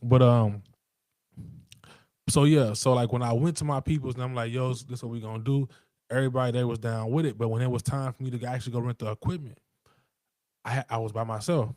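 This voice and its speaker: A man's voice: mid-range voice, steady tone, brisk, pauses often, darkish tone, no room sound, studio quality. A man talking casually in a rambling, emphatic monologue, full of street slang and profanity. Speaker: podcast host.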